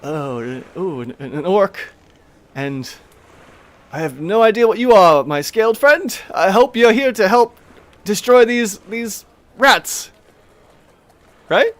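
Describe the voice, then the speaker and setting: A man voicing a bustling, cheerful halfling woman who runs a fishery, talking high and eager. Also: animated, takes it slowly, pauses often. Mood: surprised. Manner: high, eager, chatty, fussing over business.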